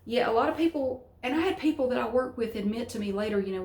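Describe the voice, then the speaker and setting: A woman's voice: on the high side, expressive, fast, few pauses, darkish tone. A middle-aged woman with a Southern US accent chatting frankly to camera at home, rambling from one story to the next and cursing freely. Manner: rambling, frank, salty language. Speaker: vlogger. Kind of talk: casual chat to camera. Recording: roomy echo.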